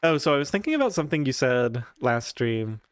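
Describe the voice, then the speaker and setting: A man's voice: medium pitch, big pitch swings, a little fast, smooth, dry recording, studio quality. A man streaming a game, chatting casually and thinking aloud with fillers. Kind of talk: casual chat while gaming.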